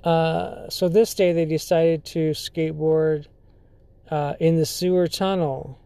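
A podcast host spins a story in an unhurried, halting way, leaning on fillers and restarting sentences. The tone is mellow and dark. The sound is dry and close, with no room around it. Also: medium pitch, flat delivery, clear, resonant tone, dry recording. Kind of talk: casual storytelling.

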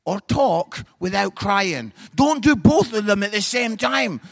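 A middle-aged man preaching a humorous sermon at a church service, telling comic stories and bursting into shouts. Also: high voice, expressive, a little slow, vocal fry, no echo, clean studio sound, soft background music.

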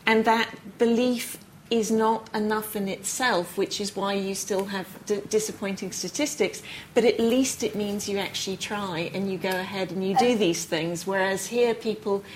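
A woman's voice: medium pitch, steady tone, normal speed, hardly any pauses, a little hiss or hum, rough recording. An American woman speaking as a panel guest, arguing her point insistently. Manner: insistent, argumentative, laughing asides. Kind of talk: studio panel discussion.

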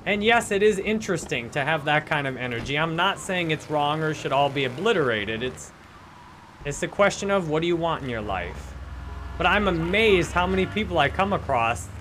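Upbeat, animated man giving a motivational talk. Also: a little high, normal speed, a little hiss or hum. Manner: earnest, upbeat, laughs often, acts out complainers in mock voices. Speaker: podcast host and life coach. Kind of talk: casual motivational monologue.

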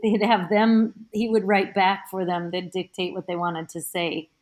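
A woman's voice: medium pitch, steady tone, a little mellow. Chatty woman guest on a call. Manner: chatty, halting, explains with many restarts. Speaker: guest, teacher of Italian studies. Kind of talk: casual podcast chat.

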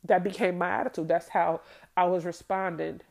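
Gravelly woman telling her story bluntly. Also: lowish voice, fairly even intonation, normal speed, darkish tone. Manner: candid, blunt, profane. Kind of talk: personal storytelling.

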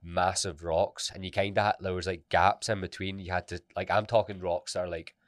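A Scottish man with a low voice chats casually as a podcast co-host. He talks bluntly and teases his friends. His voice sounds dry and close, with no room echo. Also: little pitch movement, brisk. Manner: teasing, blunt banter. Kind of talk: casual chat.

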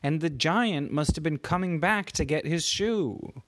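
A man improvising a bedtime story for a child, animated and stopping to ask the child questions. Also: on the high side, unhurried. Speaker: parent telling a bedtime story.

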